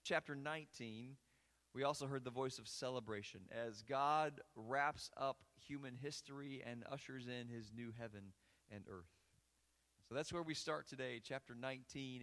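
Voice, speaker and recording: A man's voice: mid-range voice, a bit bright. A male pastor preaching a sermon and reading scripture aloud with earnest, rising emphasis in a church sanctuary. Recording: long hall reverb.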